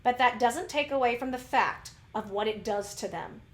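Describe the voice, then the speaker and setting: A woman's voice: on the high side, normal speed, roomy sound. A woman vlogger who reads out celebrity news and then breaks into a heated, ranty commentary, firing questions at her viewers. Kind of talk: news reading turning into a rant.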